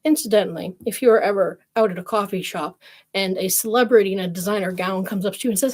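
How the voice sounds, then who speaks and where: A woman reads fairy tales aloud in a clear storytelling voice, slipping into wry, snarky asides. Her tone is husky and breathy at mid pitch. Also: quick pace. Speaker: storyteller streamer. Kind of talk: reading fairy tales with commentary.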